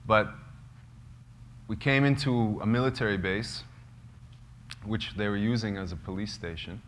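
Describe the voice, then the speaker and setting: A man, a filmmaker, telling a true story to a small live group, halting and searching for words with many fillers. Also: fairly low pitch, fairly bright tone, a little hiss or hum. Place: cozy lodge hall gathering.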